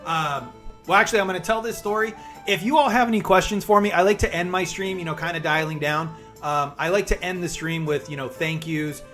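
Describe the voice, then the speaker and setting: A man's voice: high-pitched, brisk, a bit bright, faint music behind. A man in his forties, streaming live and chatting casually, upbeat and calling viewers by name.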